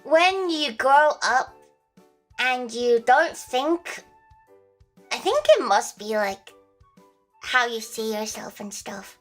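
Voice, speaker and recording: A woman's voice: on the high side, lively intonation, slow pace, pauses often, soft background music. A young woman streaming casually, joking crudely and rambling with lots of restarts. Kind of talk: casual livestream chat.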